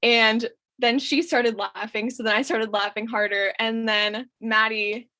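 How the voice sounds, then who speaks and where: A woman's voice: a little high, unhurried, rough recording. Giggly young woman telling a story. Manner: giggly, animated, laughs often. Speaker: podcast guest. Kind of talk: casual storytelling.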